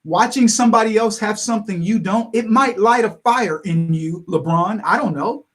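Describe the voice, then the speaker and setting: A man's voice: high voice, moderate pace. A man hosting his own livestream, talking in a casual commentary monologue, laughing often and acting out little imagined dialogues. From United States. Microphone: livestream microphone.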